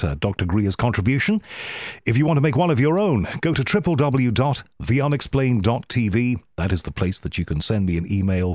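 A man with a fairly low voice hosts an interview podcast, chatting casually. He stumbles into restarts and piles on the thanks. The sound is dry and close to the mic. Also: darkish tone, no echo. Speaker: podcast host.

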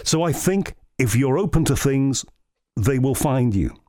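A man's voice: mid-range voice, unhurried, no room sound, clean studio sound. A man from England, a radio host, telling earnest stories in casual chat. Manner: storytelling, earnest, animated anecdotes.

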